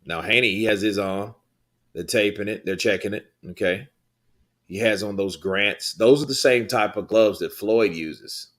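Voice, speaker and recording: A man hosts a live boxing stream, talking casually to his viewers. His voice sits very low and deep. He rambles, swears freely and answers the chat between thoughts. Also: normal speed, fairly bright tone. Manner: loose, rambling, swears, laughs often. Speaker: livestream host reading chat.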